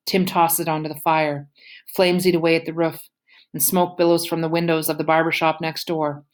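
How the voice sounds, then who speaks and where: A woman reads a novel aloud in a low voice. Now and then she drops into quiet whispered asides. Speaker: audiobook reader.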